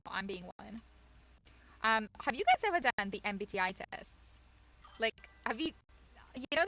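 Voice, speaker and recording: A woman's voice: medium pitch, bright, forceful tone, poor audio. A woman from England, chatting casually on stream, telling rambling stories and reading chat aloud, full of fillers and restarts.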